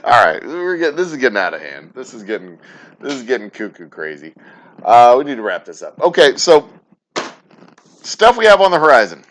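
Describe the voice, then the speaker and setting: A man's voice: medium pitch, wildly swooping pitch, a little fast, fairly bright tone. A man hosting a casual livestream chat, rambling, profane and self-deprecating. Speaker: distillery show host.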